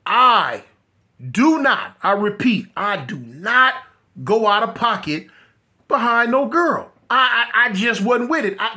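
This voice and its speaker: A man vlogging a casual street story in a slangy, animated way, talking straight to his viewers. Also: high voice.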